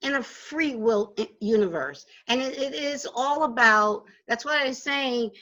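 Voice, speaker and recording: A woman's voice: fairly high pitch, expressive, a little slow, bright, forceful tone. A woman hosting a radio interview, encouraging her guest with frequent affirmations. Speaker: radio show host. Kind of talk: supportive interview chat.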